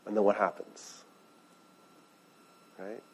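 A man's voice: on the low side, flat delivery, takes it slowly, a little mellow, husky. A man preaching a sermon in a conversational way, asking the listeners questions and retelling scripture in everyday words. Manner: conversational, asks the room questions. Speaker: pastor.

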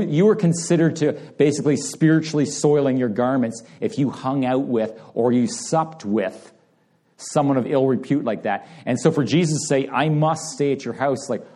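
A man delivers a sermon in a relaxed, conversational way. His voice is mellow and dark. He acts out what the crowd says as he goes and talks straight to people in the pews. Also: medium pitch, moderate pace. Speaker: pastor.

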